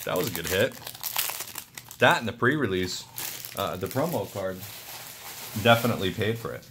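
A young man excitedly opening trading card packs for his channel, muttering card names with sudden yelps of delight. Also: normal speed, pauses often, background noise. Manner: excitable, muttering asides, jumpy pitch. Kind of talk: casual pack-opening commentary.

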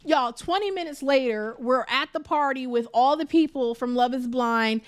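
A woman's voice: high voice, normal speed, clean tone. A woman giving a casual, exasperated reality TV review, chatty and emphatic, repeating words for effect and saying "like" often. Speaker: TV show reviewer.

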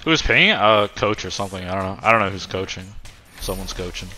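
A man's voice: sits low, expressive, fairly quick, pushed and bright, a little hiss or hum. A man casually commenting on his own gameplay, joking and swearing loosely. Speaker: streamer playing a video game.

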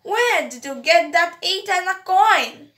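A woman's voice: extremely high pitch, animated, slow, voice pushed up, heavily acted. A woman voicing an alarmed, scolding mother in a storybook reading, in a roomy, echoey recording. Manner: scolding, shouting. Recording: roomy echo.

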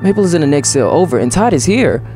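A man voicing a weary young male prisoner in a video game, speaking in a tired, low-key warning tone. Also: big pitch swings, quick pace, dark tone. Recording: game music behind.

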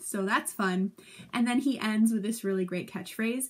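A woman's voice: medium pitch, normal speed. A woman teacher giving a casual recorded lesson at home, chatty and playful, acting out quotes with giggles.

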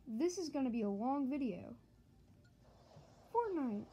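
Excitable higher-voiced woman gaming. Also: a little slow, husky, low-quality recording. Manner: excitable, joking, talks to viewers, yelps at the game. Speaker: gaming channel host. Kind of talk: let's-play commentary.

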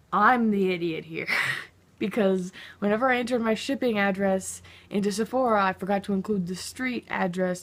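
A young woman telling a story in a casual vlog, sarcastic and exasperated, swearing freely. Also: medium pitch. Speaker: vlogger.

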